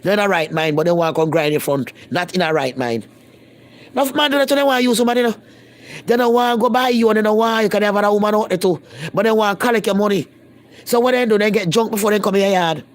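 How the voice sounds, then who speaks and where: Speaking in patois with a medium-pitched voice, a Jamaican vlogger talks bluntly to her viewers during a casual live-stream chat, repeating herself for emphasis.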